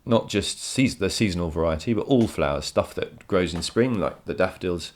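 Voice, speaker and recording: A man with a very low voice talks through a poem for his students. He explains with enthusiasm and repeats words as he works out each point. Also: expressive, normal speed. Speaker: teacher. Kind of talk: recorded poetry lesson. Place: home.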